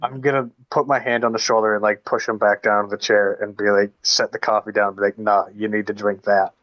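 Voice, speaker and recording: Lower-voiced joking male player, dull sound. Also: little pitch movement, quick pace. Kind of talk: casual tabletop role-play.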